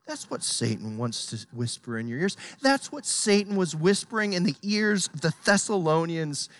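A preacher giving an impassioned, emphatic sermon, swinging from hushed to loud. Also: mid-range voice, sing-song, normal speed, hardly any pauses, no room sound.

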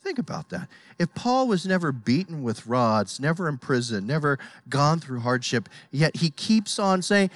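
Impassioned preacher with a lively pitch. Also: normal speed, few pauses, no room sound. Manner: impassioned, emphatic, swinging from hushed to loud. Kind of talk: sermon.

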